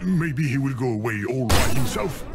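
An actor voicing a fussy, flustered video game that talks, in an exasperated manner. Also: male voice, medium pitch, animated, normal speed, lightly acted. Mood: fretful. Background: game music.

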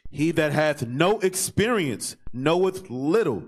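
A man's voice: a little high, expressive, takes it slowly. Man steadily reading scripture aloud. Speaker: scripture reader.

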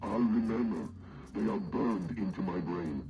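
An actor playing a solemn man preparing for his own rebirth, speaking in a grave, measured way in a video game cutscene. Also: fairly low pitch, lightly acted. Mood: grim. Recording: muffled game audio with noise.

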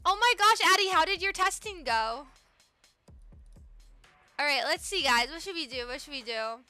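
A young woman with a very high, bright voice chats bubbly and fast-reacting through a live gaming stream, calling out viewers by name. Game music plays faintly behind her. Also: lively intonation, dry recording. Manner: bubbly, greets chat by name, gasps often.

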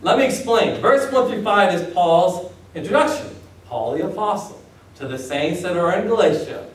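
Man, pastor, sermon, high voice, conversational preaching, asks the crowd questions, distant mic. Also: animated, moderate pace. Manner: conversational preaching with acted-out asides and audience questions. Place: church hall. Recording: echoey hall, distant mic.

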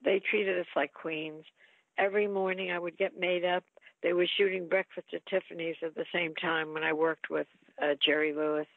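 She's an older actress being interviewed about her movie career, speaking at a moderate pace in a fairly low voice touched with vocal fry. Chatty and storytelling, she drops in lively quoted asides. Expect a dry recording on a tinny, phone-like line.

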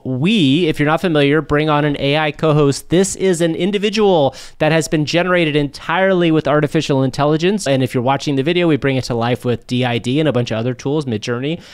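A man co-hosting a podcast in casual chat, upbeat and joking, quick to laugh. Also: fairly high pitch, clean tone. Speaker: podcast co-host.

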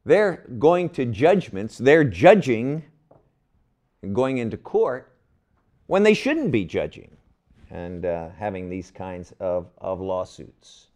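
An older man gives a Bible lesson at an unhurried pace, his voice rising and falling in a lively way. He puts questions to his class and leans hard on the words he wants them to catch. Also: fairly low pitch. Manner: animated, asks the class questions, stretches key words. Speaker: Bible teacher.

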